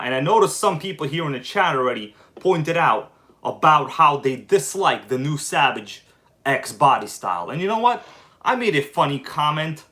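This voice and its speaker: Chatty man hosting a live stream. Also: mid-range voice. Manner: animated, quick flashes of irritation, chatty. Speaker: livestream host. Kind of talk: casual live chat.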